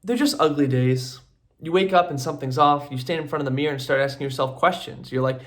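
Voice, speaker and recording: A man's voice: on the high side, quick pace. A man hosting a comedy show, delivering a sarcastic, rambling monologue and acting out both sides of imagined conversations. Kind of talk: comic monologue to camera.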